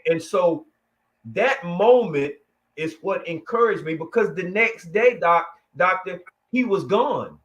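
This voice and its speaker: A man, a guest telling his testimony in an emotional, halting way with many restarts. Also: high voice, animated, fairly bright tone, dull audio. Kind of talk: conversational testimony.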